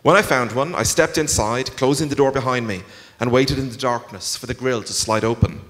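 A man's voice: mid-range voice, a little fast. A man reading his first-person story aloud to a live festival audience. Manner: expressive, storytelling. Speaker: author reading at a literary festival. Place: large concert hall. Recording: long concert hall reverb.

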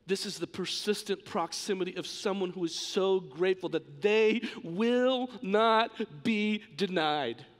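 A man's voice: sits high, a little slow, hardly any pauses. A man preaching a sermon as pastor in a church sanctuary, in an impassioned, emphatic way. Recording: long church reverb.

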